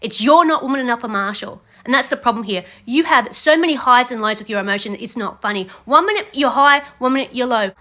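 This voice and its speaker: High bright-voiced woman scolding bluntly. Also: fast, few pauses. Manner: blunt, scolding, addresses the contestant directly. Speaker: reaction commentator. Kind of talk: ranting reality show commentary.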